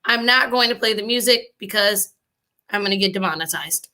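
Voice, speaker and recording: Her voice is mid-range and her pace normal as she hosts a reaction video. Animated and talkative, she uses casual slang and addresses her audience directly.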